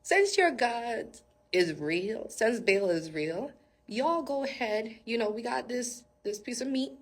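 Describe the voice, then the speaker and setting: A woman voicing a bold male prophet who taunts his rivals in a teasing, cocky way, with a husky voice. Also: a little high, animated, slow pace. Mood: taunting.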